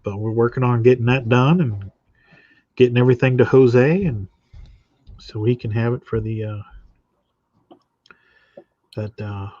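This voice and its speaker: A man's voice: mid-range voice, unhurried, long pauses, muffled recording. A man talking casually as a guest artist on a live stream, rambling with lots of fillers. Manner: relaxed, rambling with many fillers.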